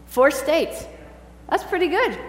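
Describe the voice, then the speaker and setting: A woman's voice: sits high, expressive, slow. A woman reading scripture and then giving a conversational sermon in a church, chatting with the congregation and asking them questions. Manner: chatty, quizzes the congregation directly. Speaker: preacher. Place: large church sanctuary. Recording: echoey hall with faint hum.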